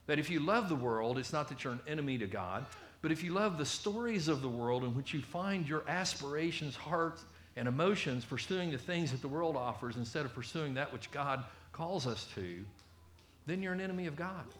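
A man preaching a sermon in a conversational, animated way, often acting out the people he quotes. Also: a little high, roomy sound, a little hiss or hum.

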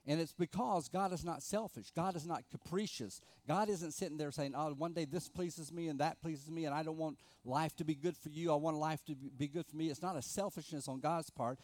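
A middle-aged man preaching a sermon, earnest, with rhetorical questions, rising for emphasis and dropping to quiet asides. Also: a little high, no echo. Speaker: pastor.

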